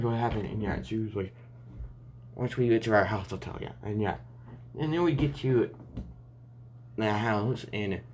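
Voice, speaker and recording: A man's voice: lowish voice, a little hiss or hum. A man improvising a fan story aloud, rambling and restarting often between lines.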